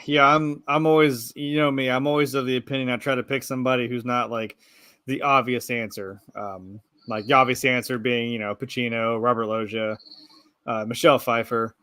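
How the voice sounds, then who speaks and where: Man, movie review co-host, casual chat, swears, laughs a lot, medium pitch, dry room. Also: fairly even intonation, moderate pace, sharp tone, clean tone, dry recording. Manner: laid-back, swears freely, laughs often. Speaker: podcast co-host.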